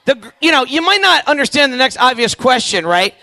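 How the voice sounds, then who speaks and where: Man in his 40s, very high voice, bright and sharp, comic camp storyteller, animated, dry close sound. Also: fairly quick, no room sound. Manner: animated, acts out voices, punchy asides to the crowd. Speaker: youth camp speaker. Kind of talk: comedic storytelling to a live audience.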